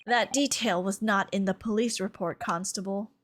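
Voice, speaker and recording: A woman's voice: mid-range voice, normal speed, a little hiss or hum. A young woman streaming a game, chatting casually, laughing often and reading character lines in mock-serious voices.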